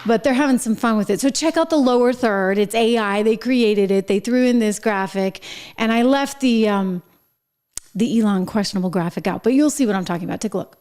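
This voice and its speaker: A woman's voice: mid-range voice, fairly quick, darkish tone, smooth. A middle-aged woman hosting her own show, giving chatty political commentary with wry asides and frequent laughs. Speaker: show host.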